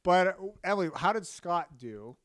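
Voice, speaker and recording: Animated high-voiced man teasing his co-host. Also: normal speed, no echo, studio quality. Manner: teasing, animated, swears freely. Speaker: podcast co-host. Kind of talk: casual comedy podcast chat.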